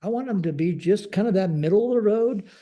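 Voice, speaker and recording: A man in his sixties tells stories as a podcast guest in a mellow voice that sits a little high. He talks in a halting way, restarting his sentences and tagging them with a habitual phrase. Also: animated, highs cut off. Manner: halting, frequent restarts, keeps saying "like this". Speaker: podcast guest, retired Air Force general. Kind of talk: conversational storytelling.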